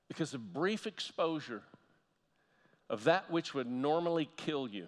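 A man preaching a sermon as pastor, telling a story and slowly repeating key phrases for emphasis. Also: mid-range voice. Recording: long hall reverb.

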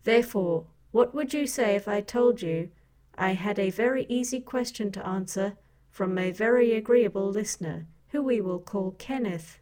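A woman co-hosting a comedy podcast, speaking in a formal, prim, deadpan manner. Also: mid-range voice, normal speed. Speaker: podcast co-host and assistant. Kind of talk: scripted comic deadpan.

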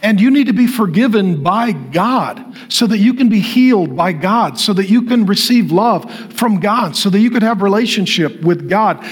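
Pastor, male, high-pitched, preaching in building repetitive lines, goes quiet on solemn phrases. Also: slightly rough. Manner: repetitive rhetorical preaching, builds to emphatic declarations. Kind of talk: sermon.

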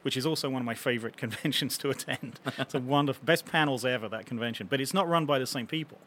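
A man's voice: mid-range voice, fast, a bit bright, slight background noise. A man chatting casually on a panel, rambling and wry as he talks. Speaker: convention panelist and vendor.

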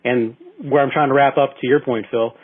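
A man's voice: medium pitch, fairly even intonation, brisk, slightly rough. A man co-hosting a casual talk show, telling a long story with lots of restarts and fillers. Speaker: podcast co-host. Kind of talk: casual chat. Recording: tinny phone-like internet radio sound.

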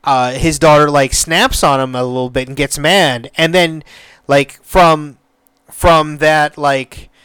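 Male podcast host, slightly high and smooth voice, chatty, rambling, swears a lot, dry close sound. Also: steady tone, slow, a bit bright, no room sound. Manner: rambling, repeats words, swears freely. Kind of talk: casual solo podcast chat.

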